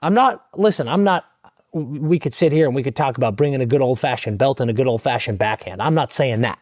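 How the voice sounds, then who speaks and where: A man's voice: mid-range voice, fast, a little mellow, no echo, clean studio sound. A young man co-hosting a casual comedy podcast, ranting in mock outrage with exaggerated bluster. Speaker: podcast co-host.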